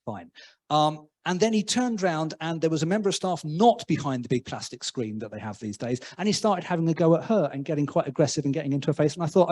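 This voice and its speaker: An English man gives a relaxed, conversational sermon in a church, with a slightly raised pitch. He tells stories with self-deprecating humor and stumbles through restarts before landing his point. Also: a little fast. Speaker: preacher.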